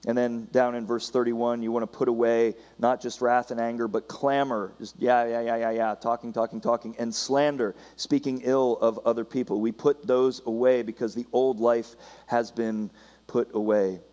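Male pastor, mid-pitched, conversational sermon delivery with restarts, recorded in a long-reverb church hall. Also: flat delivery, moderate pace, darkish tone. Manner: conversational preaching with frequent restarts and asides.

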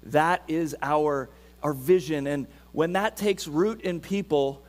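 A man preaching a sermon as pastor, asking rhetorical questions and moving between hushed and emphatic delivery. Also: fairly high pitch, slow. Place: church sanctuary. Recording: reverberant church hall.

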